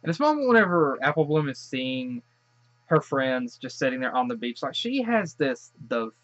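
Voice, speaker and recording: A man at a middle pitch rambles happily through his reaction to an episode, gushing over what he sees and often circling back to restart a thought. The recording is a little dull and lo-fi, like a home setup. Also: very animated, normal speed, a bit bright, no room sound. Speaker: show reaction host. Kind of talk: casual reaction commentary.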